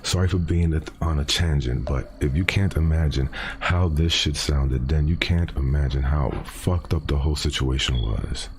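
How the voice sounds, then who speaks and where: A man hosting a podcast, reading a first-person horror story aloud in a casual, profane way with dramatic pauses. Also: extremely low pitch, a little hiss or hum.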